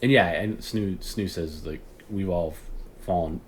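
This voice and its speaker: A man's voice: low-pitched, unhurried. A man hosting a livestream, telling a rambling story in casual chat, acting out phone calls and swearing often. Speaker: podcast host.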